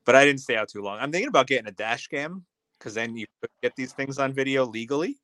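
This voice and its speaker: A man's voice: medium pitch, expressive, quick pace, a bit bright, dry recording. A man, a fellow rideshare driver, chatting casually with short, plain remarks and questions. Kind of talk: casual chat.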